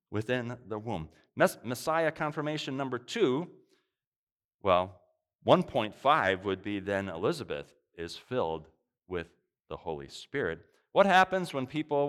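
A man preaching a sermon in an animated, emphatic way, with quick asides and bursts of loud exclamation. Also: on the low side.

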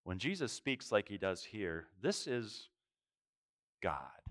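Man preaching, pitched a little low; reflective delivery that leans on single words and rhetorical questions. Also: big pitch swings, slow, a bit bright. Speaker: pastor. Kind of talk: sermon.

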